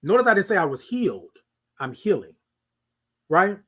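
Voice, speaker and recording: Male podcast host, high voice, animated sermon-like chat with the audience. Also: moderate pace, breathy edge. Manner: animated, preachy, asks listeners "y'all feel me". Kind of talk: casual monologue.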